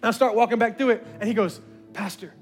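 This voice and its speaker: A male pastor telling a story from the pulpit in an animated way, acting out conversations with bursts of excitement. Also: sits high, fairly quick, soft background music. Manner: animated, acts out dialogue with rising excitement. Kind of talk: sermon storytelling.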